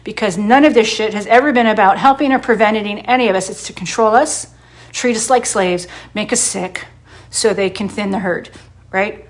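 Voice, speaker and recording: With a medium-pitched voice at a normal speed, a middle-aged woman speaks to the camera about her life as a hairdresser and wellness advocate. Her monologue is impassioned, blunt, and full of profanity, with self-quoted dialogue and repetition for emphasis.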